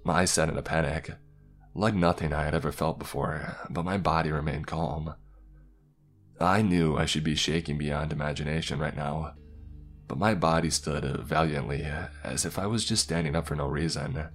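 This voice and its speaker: A man narrating a creepypasta in a steady scripted storytelling voice. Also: very deep voice, normal speed, faint music behind.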